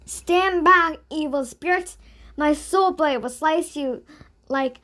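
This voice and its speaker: A pompous young boy hero from a storybook, as a woman reader puts him on, declaring his rescue with theatrical flourish. He speaks slowly and grandly in a high voice. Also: a bit bright. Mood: heroic, pompous. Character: boastful hooded boy swordsman.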